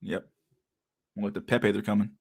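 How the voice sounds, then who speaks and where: A man's voice: fairly low pitch, steady tone, normal speed, vocal fry, a little mellow, breathy edge. A young man chatting casually on a livestream, reading chat aloud, laid-back and crude, often laughing and mumbling to himself.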